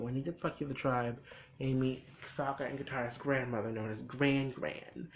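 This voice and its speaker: A young man recapping a cartoon episode in a casual, rambling way, full of fillers and quick acted quotes. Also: mid-range voice, fairly even intonation, slight background noise, poor audio.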